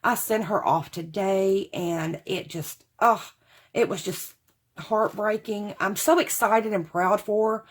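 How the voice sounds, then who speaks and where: Speaking slowly at a medium pitch, this craft haul vlogger chats to camera about the supplies she bought. She rambles and keeps calling her viewers y'all.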